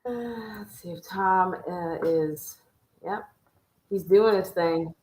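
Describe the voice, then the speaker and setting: A woman's voice: fairly low pitch, slow pace, a little mellow. A woman hosting a live stream in a playful, hyped-up, casual way, cheering her viewers on. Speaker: livestream host. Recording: echoey room.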